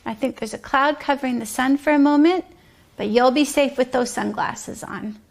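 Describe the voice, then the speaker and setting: A woman leading a preschool circle time outdoors, talking slowly and sing-song, sometimes dropping to a whisper for guessing games. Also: high voice, gravelly. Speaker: preschool teacher.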